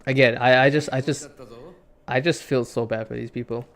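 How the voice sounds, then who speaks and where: A gaming streamer chats casually while he plays, rambling with stammering restarts, repeated words and some casual swearing. His medium-pitched voice is fairly even in intonation and moves at a moderate pace.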